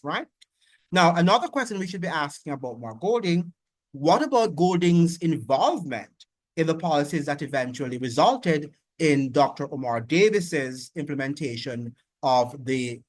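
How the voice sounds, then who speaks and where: A man's voice: a little high, a bit bright, no room sound. A man giving an argumentative political opinion monologue, full of rhetorical questions. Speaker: political commentator.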